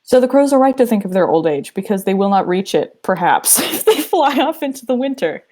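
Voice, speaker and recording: A woman's voice: a little high, big pitch swings, a little fast, mellow. A woman co-hosting a podcast, chatting casually with wry, playful interjections. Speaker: podcast co-host, listener of the story. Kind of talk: casual banter.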